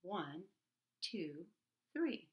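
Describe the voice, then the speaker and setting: A woman reading a bedtime picture book aloud to children, hushed and half-whispered, with playful loud bursts. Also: fairly low pitch, big pitch swings, extremely slow. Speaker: children's storybook reader.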